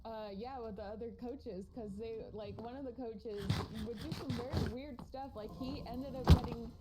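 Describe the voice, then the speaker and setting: A woman who coaches youth basketball, chatting casually in a relaxed way and laughing easily. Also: on the high side, moderate pace. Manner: relaxed, laughs easily, short agreeing replies. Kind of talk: casual conversation. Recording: loud background noise.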